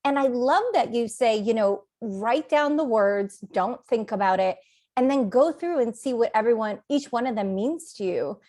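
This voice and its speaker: A woman's voice: on the high side, animated, mellow. Enthusiastic woman podcast host. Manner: enthusiastic, gushing, quick bursts. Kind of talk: podcast interview.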